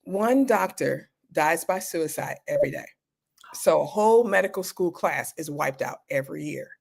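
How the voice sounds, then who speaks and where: A woman's voice: deep voice, lively intonation, normal speed, gravelly, husky. A woman in her fifties, a doctor guest telling frank stories in an interview, with a conversational, dryly humorous manner. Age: 50s. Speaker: guest, emergency doctor and speaker. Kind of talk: candid interview storytelling.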